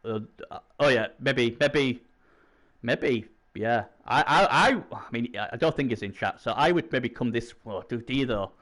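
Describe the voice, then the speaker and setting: A man doing chatty live video game commentary, swinging from low muttering to excited shouts. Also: moderate pace. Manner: chatty, opinionated, talks to himself.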